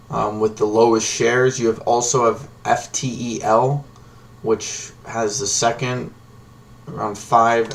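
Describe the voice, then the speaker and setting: A man with a mid-range, fairly bright voice hosts a livestream for stock trading, talking casually, ramblingly, and with plenty of slang. He sits distant from the mic, and faint noise is audible.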